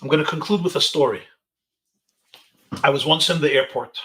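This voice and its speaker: A man with a somewhat high voice gives an inspirational talk to teenage boys over a webinar. He speaks as a rabbi, telling stories in an animated way and sprinkling in Yiddish and Hebrew phrases. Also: moderate pace. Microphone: webinar video call.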